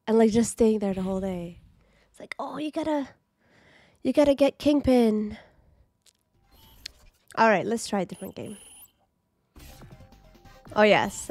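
A woman giving excited, chatty commentary while playing an arcade game, with squeals and laughs. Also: medium pitch, no room sound. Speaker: gaming streamer.

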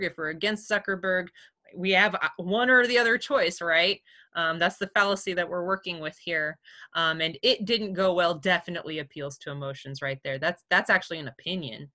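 A woman's voice: fairly low pitch, sharp tone. A woman teaching a class over a video call, casual and chatty, with many fillers and easy laughs. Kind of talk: online class lecture.

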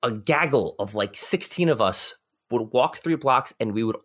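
A man's voice: mid-range voice, lively intonation, moderate pace, a bit bright. A young man from New York telling a story in casual podcast chat, rambling with lots of fillers and restarts. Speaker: podcast guest.

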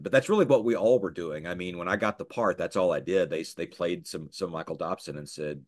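A middle-aged male voice actor chats in a casual interview, his voice sitting a little low. He tells stories with energy, popping into quick character voices. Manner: animated storyteller, slips into character voices. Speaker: voice actor guest.

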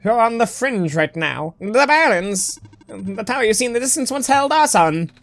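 A woman voicing a formal robot who speaks grandly and solemnly while explaining a dark world. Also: a little high, animated, moderate pace, pitched above the performer's own voice. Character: eager, formal robot who greets a savior.

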